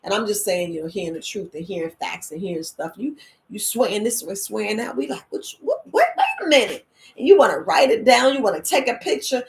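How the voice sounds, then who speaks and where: A middle-aged woman, hosting a wellness podcast in a lively, emphatic monologue. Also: fast talker. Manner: lively and emphatic, with quoted voices and sudden high exclamations. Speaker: herbalist and podcast host. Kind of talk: casual spoken monologue.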